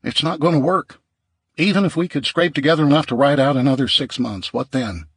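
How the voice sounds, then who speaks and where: A man's voice: a little high, brisk, slightly rough, dry recording, studio quality, voice pushed up. A man voicing a weary, argumentative male survivor who presses his point in an audiobook. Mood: pressing.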